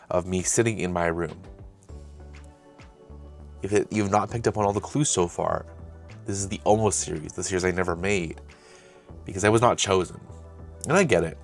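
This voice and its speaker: A young man hosting his own channel, casually recounting an old project in a rambling, self-correcting way. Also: deep voice. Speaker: host. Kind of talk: casual retrospective chat.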